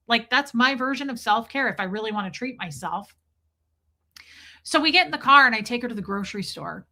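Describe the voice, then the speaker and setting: Chatty bright-voiced woman in her forties. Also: on the high side, brisk. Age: 40s. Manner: chatty, animated, breaks off to greet chatters. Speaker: livestream host. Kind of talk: casual storytelling to a live chat.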